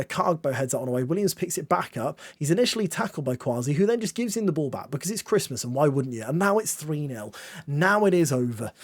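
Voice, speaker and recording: A man calls his football management match in a mock-commentator style, breaking off for wry, self-deprecating asides. His voice sits fairly high and swings widely in pitch. It is close and dry, with no room sound. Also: no room sound. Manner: lively, self-mocking, mock-commentator delivery. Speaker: gaming YouTuber. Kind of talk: playful game commentary.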